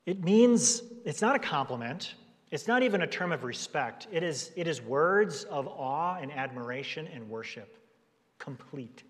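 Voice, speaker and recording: A man's voice: fairly high pitch, animated, measured pace. Conversational preaching man in a reverberant hall. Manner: conversational preaching, acts out quoted voices. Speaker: pastor. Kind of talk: sermon.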